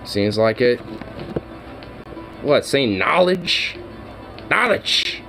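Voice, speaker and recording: Streamer guy ranting, swears nonstop, lots of like and you know, normal pitch, soft music behind. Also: normal speed, rough recording. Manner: profane, heated rambling with many fillers. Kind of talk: casual stream chat.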